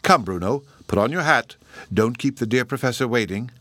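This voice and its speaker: A man voicing a kindly, excitable old male professor with a fussy, chirpy manner. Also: medium pitch, normal speed, no echo. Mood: fussy, cheerful.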